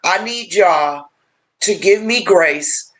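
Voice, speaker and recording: Woman livestream host, slow and chatty, emotional, talks straight to the audience. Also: fairly low pitch, animated. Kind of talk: casual livestream chat.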